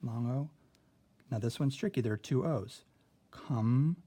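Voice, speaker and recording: A man's voice: medium pitch, moderate pace, dark tone, breathy edge. A man teaching a spelling lesson, walking through a word sort and checking in often with "okay.".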